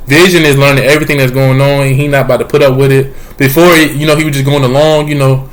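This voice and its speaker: A young man talks through a show recap in a loose, rambling way, full of slang and hype. His voice sits at an ordinary middle pitch for a man, and his delivery is casual. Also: little pitch movement, brisk, hardly any pauses. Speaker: vlogger.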